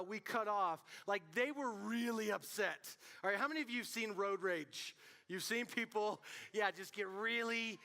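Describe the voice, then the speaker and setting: A man preaching to a student group as youth pastor, telling stories in an animated way and calling out to the room. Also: high voice. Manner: animated storytelling, calls out to the audience. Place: church hall. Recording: long hall reverb.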